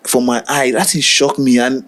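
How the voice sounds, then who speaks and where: A man's voice: medium pitch, little pitch movement, moderate pace, fairly bright tone. A young man with a Nigerian accent, chatting casually on a podcast, telling stories in a mix of Pidgin and English and laughing often. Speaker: podcast host. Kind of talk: casual chat.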